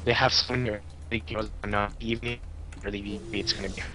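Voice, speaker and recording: Halting male co-caster over a voice call. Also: on the low side, little pitch movement, bright, forceful tone, a little hiss or hum. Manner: halting, restarts and filler words. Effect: choppy internet call audio. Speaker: esports co-caster. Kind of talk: game color commentary.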